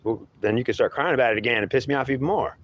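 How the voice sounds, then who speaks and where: A man's voice: mid-range voice, very fast, fairly bright tone, lightly acted. A man voicing a menacing male devil who claims to be god, taunting and threatening, calling the listener boy, in an improvised two-voice monologue.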